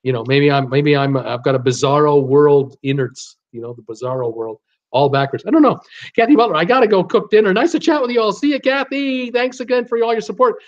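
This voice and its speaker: Brief: lively male live-stream host, somewhat high voice, dull lo-fi sound. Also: fairly quick. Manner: animated, reads comments aloud with frequent fillers and laughs. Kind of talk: casual live chat reading viewer comments.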